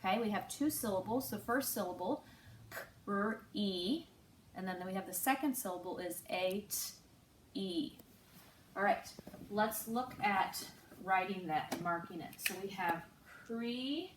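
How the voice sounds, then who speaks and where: A woman teaching a recorded phonics lesson to third graders, speaking slowly and clearly and drawing out each sound. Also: medium pitch, noisy background. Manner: slow, clear, patient teacher talk with drawn-out sounds. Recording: echoey room, distant mic.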